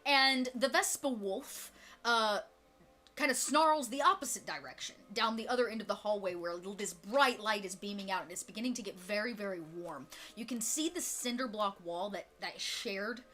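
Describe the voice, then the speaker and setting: Woman game master, chatty, filler-heavy narration, bright tone. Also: medium pitch, normal speed. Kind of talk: narrating a tabletop game on a live stream.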